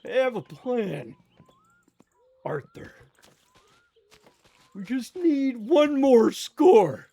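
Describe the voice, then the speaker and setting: Man putting on a slow, grandiose outlaw boss. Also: extremely high pitch, very animated, vocal fry, dark tone, voice pushed up, full character voice. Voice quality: deliberately bad impression. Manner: slow, drawn-out, theatrical delivery. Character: scheming older male outlaw gang leader, grandiose.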